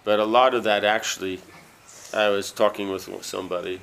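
A man reading a book aloud and breaking off into loose, halting asides full of fillers. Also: fairly low pitch, fairly even intonation, creaky, fairly bright tone. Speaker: reader.

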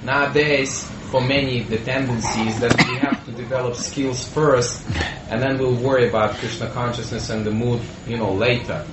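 A man's voice: mid-range voice, fairly even intonation, moderate pace. Man chiming in from far back in class, echoey room, loads of background noise. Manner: loose, filler-laden, lots of "you know". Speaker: class participant. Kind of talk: discussion comments. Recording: distant, echoey, very noisy room recording.

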